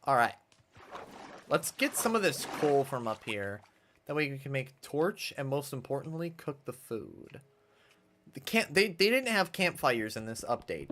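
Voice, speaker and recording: A man streams a game, thinking aloud in casual, nostalgic commentary. His mid-range voice is a bit bright, with a little hiss or hum and faint game music behind him.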